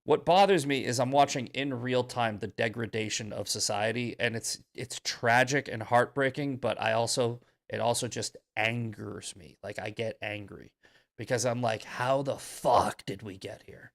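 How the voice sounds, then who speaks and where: A man's voice: medium pitch, moderate pace, creaky, fairly bright tone. A male podcast host giving heated, profane commentary in an angry ranting manner.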